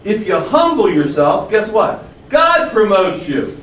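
A man's voice: sits high, big pitch swings, a little slow, a bit bright. A man preaching a sermon with some lift in his voice, pushing up on the words he wants to land. He sounds distant from the mic, in a roomy, echoing space with a faint hum of ambience behind. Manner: emphatic, rising for key phrases.

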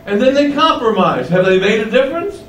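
A man's voice: extremely high pitch, big pitch swings, a little fast, fairly bright tone, muffled recording. A man preaching a sermon, emphatic, with many rhetorical questions, in a windowless room. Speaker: pastor. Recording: roomy, distant mic, faint hum.

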